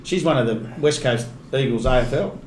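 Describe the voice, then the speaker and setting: A man's voice: medium pitch, moderate pace. An Australian man, a rugby league commentator, telling stories in a casual podcast chat and laughing often. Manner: chatty, laughs often mid-story. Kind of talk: casual storytelling. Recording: echoey room, faint noise.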